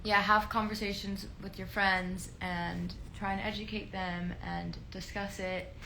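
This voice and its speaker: A woman's voice: medium pitch, level tone, a little slow, vocal fry, bright, forceful tone, slight background noise, poor audio. A woman who is a guest on a casual livestream chat, chiming in with supportive comments.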